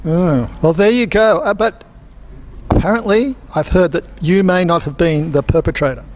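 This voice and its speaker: A man's voice: high voice, normal speed, background noise. A man hosting a playful mock interrogation of cast members, teasing and theatrical.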